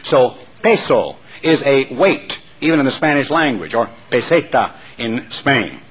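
Animated preaching man. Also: mid-range voice, a little slow, husky, poor audio. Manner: animated, storytelling. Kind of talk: sermon.

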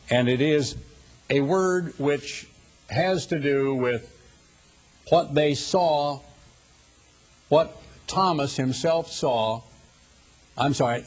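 Husky older man preaching with slow emphasis. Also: mid-range voice. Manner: deliberate, emphatic, slows down to stress key words. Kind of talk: sermon.

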